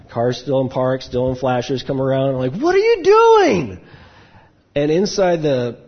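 A man in the role of pastor, telling a personal story in a sermon and acting out the quotes with animated outbursts. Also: medium pitch, lo-fi sound.

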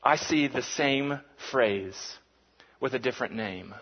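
A man preaching a sermon, swinging between hushed lines and loud, emphatic peaks. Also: medium pitch, takes it slowly, breathy edge, dull audio. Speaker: pastor.

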